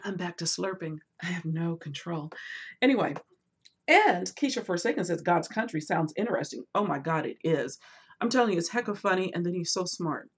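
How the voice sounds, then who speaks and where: A woman hosting a casual book livestream, chatting animatedly and reading viewer comments aloud, swinging between lively bursts and quiet asides. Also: on the low side, fairly quick, husky. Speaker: booktube host.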